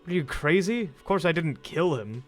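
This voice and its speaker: A man's voice: fairly high pitch, expressive, moderate pace, faint music behind, pitched above the performer's own voice, close to an everyday voice. A man voicing a grumpy, sarcastic male cafeteria manager in a video game who demands money he is owed. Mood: irritated. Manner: sarcastic, exasperated.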